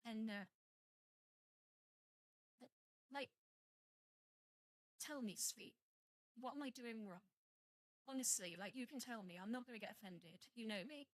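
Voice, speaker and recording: A young British woman chats her way through a live stream in a voice that sits a little high. She rambles, restarts her sentences and curses freely at her computer, and the sound is dry and close with no room around it. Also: measured pace, pauses often, no room sound. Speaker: VTuber streamer. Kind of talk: casual live-stream chat.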